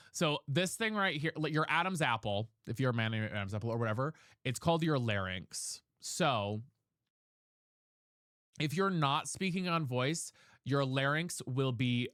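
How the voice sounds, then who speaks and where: A man's voice: mid-range voice, a bit bright, no room sound, studio quality. A young man streamer chatting casually with his chat, reading questions aloud and explaining voice technique.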